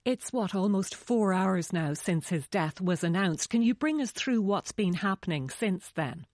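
A woman news presenter introducing reports and asking guests questions in a measured, formal way. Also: medium pitch, animated, darkish tone, dry recording, studio quality.

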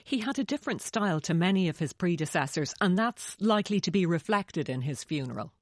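Low-voiced woman news presenter. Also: lively intonation, dry recording, clean studio sound. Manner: measured, formal questioning.

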